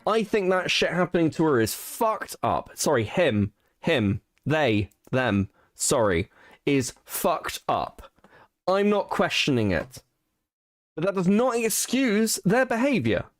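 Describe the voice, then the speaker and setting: A man's voice: on the high side, sing-song, takes it slowly, no echo, clean studio sound. Heated man streaming commentary. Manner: heated, swearing, frequent restarts. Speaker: stream host.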